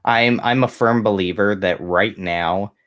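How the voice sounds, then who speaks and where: A man speaking as a guest on a livestream Q&A, giving measured, advisory answers in casual chat over a video call. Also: lowish voice, a bit bright. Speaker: guest card collector.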